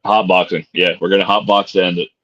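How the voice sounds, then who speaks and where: Low-voiced man, dull and dry sound. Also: steady tone, quick pace, a bit bright, no echo. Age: adult. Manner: laid-back, swears and jokes. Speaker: podcast co-host asking questions. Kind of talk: casual chat.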